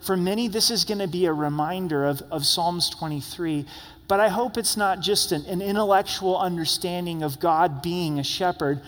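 A man's voice: high-pitched, normal speed, fairly bright tone, in a large hall. A man in his young adult years preaching an earnest, conversational sermon at a church service, often repeating words as he speaks. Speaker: pastor.

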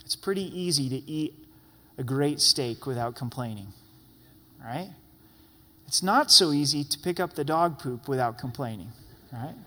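A man preaching a sermon in a lively way, playfully acting out grumbling voices. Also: medium pitch, moderate pace, long pauses. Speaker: pastor. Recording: long hall reverb.

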